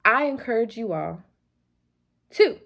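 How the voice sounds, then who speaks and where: A woman's voice: medium pitch, normal speed. A woman hosting a motivational vlog, talking playfully and preachily to the camera late at night, a little loopy, repeating phrases for emphasis. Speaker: vlog host.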